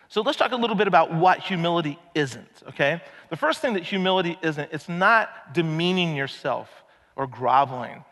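Casual preacher man in a reverberant hall. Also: on the high side. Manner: casual, animated, keeps asking the audience rhetorical questions. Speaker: pastor. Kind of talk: conversational sermon. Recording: long reverb of a large hall.

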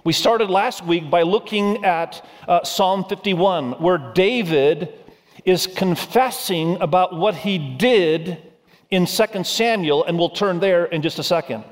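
Male pastor, middle-aged, storytelling sermon, slightly high voice, long hall reverb. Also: slow. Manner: storytelling with humor, asks the audience questions.

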